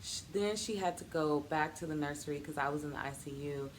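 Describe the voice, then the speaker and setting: Woman in her thirties, low voice, vlog testimony, faint noise behind. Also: brisk. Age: 30s. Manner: earnest, faith-filled storytelling with quoted dialogue. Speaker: vlogger.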